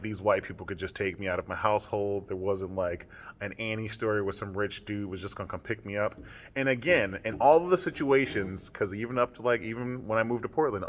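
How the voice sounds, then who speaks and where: A young man in a candid personal monologue, rambling with lots of fillers and keeping a deliberately low, comfortable speaking tone. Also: fairly bright tone. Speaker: podcaster.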